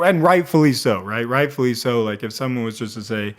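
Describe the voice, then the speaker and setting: A man gives a casual, unscripted review of a movie. He rambles and keeps restarting his sentences. His voice has a medium pitch and gets animated. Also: brisk. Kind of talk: casual one-take commentary.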